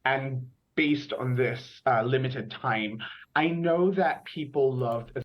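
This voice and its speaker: A man with a Filipino accent, answering speaking-test questions as a candidate in a thoughtful, measured way. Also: mid-range voice. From Philippines. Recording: dull video-call audio.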